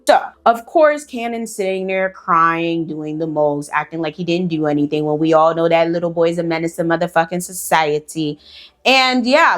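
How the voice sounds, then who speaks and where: A woman spins a creepy tale in loose, chatty storytelling. She is sassy and blunt and swears freely. Her speech is full of "like" and quick asides to the listener. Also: fairly low pitch. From Haitian heritage. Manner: profane, sassy, chatty with filler "like". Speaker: storyteller host. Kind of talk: casual storytelling.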